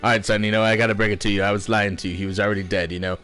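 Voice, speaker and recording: A man's voice: lowish voice, little pitch movement, racing. A young man giving casual, joking let's-play commentary, swearing freely and rambling as he plays. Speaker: gaming streamer. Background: loud game audio with music.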